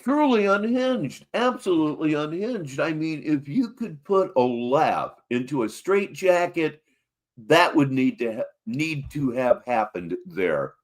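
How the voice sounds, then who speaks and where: A male live stream host gives mocking commentary on clips. His pitch swings widely, set a little high. The delivery is animated throughout. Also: a little slow.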